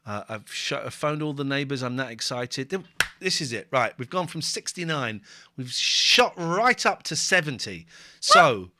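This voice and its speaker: A man's voice: medium pitch, unhurried. A man hosting a casual livestream from his sofa, joking, swearing and hyping up his viewers. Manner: excitable, jokey and sweary. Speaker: livestream host. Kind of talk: casual live commentary. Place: home living room.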